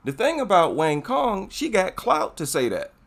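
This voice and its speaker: A man's voice: sits high, huge pitch swings, moderate pace, gravelly, a bit bright. A man giving casual, emphatic commentary, repeating his points for effect. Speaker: MMA commentary vlogger.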